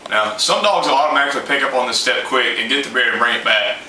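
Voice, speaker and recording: A man teaches dog training in a plain, folksy way, with a bright, sharp edge to his voice. He sounds a little distant from the mic in an echoey home room. A faint hiss of noise sits behind him. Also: mid-range voice, quick pace. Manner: plain, folksy and informal, with many fillers. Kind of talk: instructional how-to talk.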